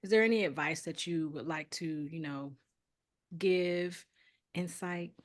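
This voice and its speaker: A woman's voice: on the low side, unhurried. A woman hosting a casual interview, chatty and laughing often. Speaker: interview host.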